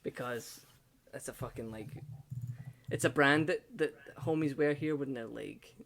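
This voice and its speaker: A man hosting a casual podcast, swearing freely and laughing often, with quick asides to his guest. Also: mid-range voice, gravelly, a bit bright. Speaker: podcast host. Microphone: video call setup.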